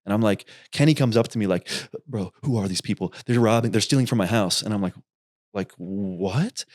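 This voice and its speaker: A young man, a YouTuber and podcast guest, telling rambling, animated stories in casual talk and swearing freely. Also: lowish voice, a little fast. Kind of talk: casual storytelling.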